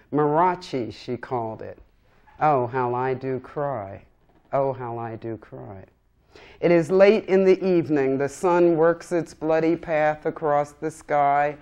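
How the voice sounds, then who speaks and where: A woman's voice: deep voice, mellow. A woman poet giving a live poetry reading, reciting in a solemn, impassioned way.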